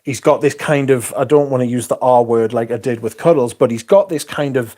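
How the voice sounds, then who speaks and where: A man's voice: medium pitch, a little fast, darkish tone. A man hosting a livestream, ranting casually with heavy swearing and rambling asides. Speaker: livestream host.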